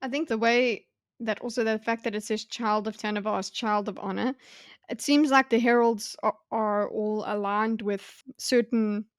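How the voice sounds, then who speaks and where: A woman's voice: a little high, steady tone, moderate pace, clean tone, no room sound. Musing woman with a dry close sound. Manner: musing, tentative, lots of hedging and backtracking. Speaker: book club co-host. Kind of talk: casual book discussion.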